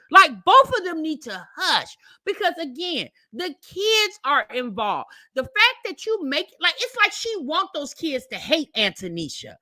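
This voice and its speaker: A woman hosts a reaction video, commenting on a played clip in a high voice that swings widely in pitch. Her delivery is sassy and mocking, with loud outbursts and a bright edge. The recording is dry and close, with no room sound.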